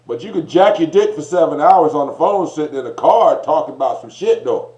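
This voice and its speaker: Guy doing his crude unfiltered side, cussing, bouncy pitch, echoey dull audio. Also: animated, a little fast, darkish tone, close to an everyday voice. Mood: mocking. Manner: crude, insulting, swearing. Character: man's blunt unfiltered inner voice, profane.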